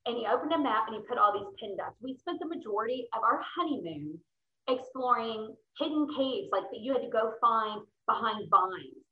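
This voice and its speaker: A woman's voice: on the high side, expressive, moderate pace. A middle-aged woman, a podcast guest, telling travel stories in an enthusiastic, chatty way. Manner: enthusiastic, storytelling. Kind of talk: casual interview chat. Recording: roomy, slightly dull sound.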